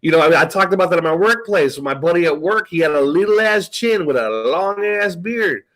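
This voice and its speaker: A man's voice: high voice, animated, a little fast, a bit bright, rough recording. A man talking as a guest in a casual chat, rambling and swearing as he tells stories full of quoted dialogue.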